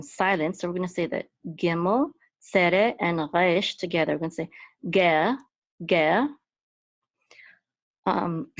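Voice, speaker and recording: A woman teaching Hebrew letters step by step, patient and explaining with fillers, breaking into high chanting for words. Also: no room sound. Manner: chants words in a much higher, louder voice. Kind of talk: step-by-step Hebrew reading lesson. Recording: dry, dull lo-fi sound.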